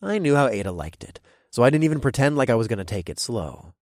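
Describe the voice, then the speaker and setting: A man narrating an audio story in the first person, with an expressive delivery. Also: mid-range voice, fast talker, no room sound, clean studio sound.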